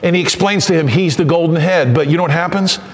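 A man's voice: a little high, fast, big-room sound. A man preaching a conversational sermon who acts out quotes and asks the congregation questions. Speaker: pastor.

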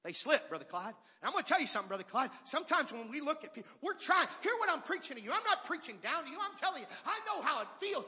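High-voiced shouting preacher. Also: male voice, sing-song, fast talker, hardly any pauses. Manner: swings from quiet talk to shouted, sing-song preaching. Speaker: pastor. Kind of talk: pentecostal sermon. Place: large church hall. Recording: long church hall reverb.

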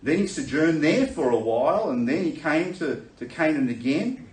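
A man preaching a sermon, telling a Bible story in a lively way and acting out the characters with laughter. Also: fairly high pitch, normal speed. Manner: animated storytelling, acts out voices with laughter. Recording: echoey room, voice from a distance.

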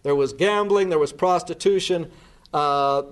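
Unhurried and clean in tone, this man's voice is notably high for his sex. Telling the story of a case with earnest sincerity, he sets out the events in sequence and often breaks off to restart mid-phrase.

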